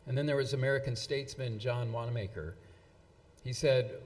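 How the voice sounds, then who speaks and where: A man's voice: mid-range voice, normal speed, a little mellow. A man giving a speech at an anniversary event, reading quotes with frequent fillers and restarts. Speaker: event presenter. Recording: long hall reverb.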